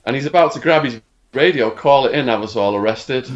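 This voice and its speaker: A man's voice: mid-range voice, fairly quick, dull audio. A middle-aged English man, a podcast guest, telling a dramatic story and acting out other people's lines. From England. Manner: animated storyteller acting out quotes. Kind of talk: storytelling interview.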